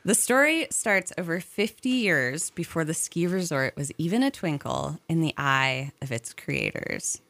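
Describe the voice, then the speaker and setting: A woman's voice: sits low, lively intonation, measured pace, creaky, hardly any pauses, fairly bright tone, dry recording. A woman from a local museum, reading out a local history story with conversational asides.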